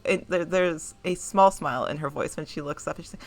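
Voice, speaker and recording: A woman narrating a tabletop game as game master, describing scenes in a halting way with fillers. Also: low-pitched, dry recording. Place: home streaming setup.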